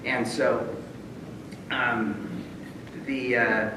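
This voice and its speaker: Self-deprecating judge in echoey hall. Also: male voice, mid-range voice, little pitch movement. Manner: self-deprecating storyteller, chuckles often, halting restarts. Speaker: honored judge giving acceptance speech. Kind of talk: anecdotal banquet speech. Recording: very echoey hall, distant mic, room noise.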